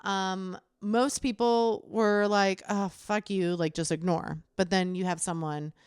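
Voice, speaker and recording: A young adult woman co-hosting a podcast, animated and profane as she tells a story in casual chat. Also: mid-range voice, slow pace, clear, resonant tone, dry recording, clean studio sound. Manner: animated, swearing, laughs while telling. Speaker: podcast co-host.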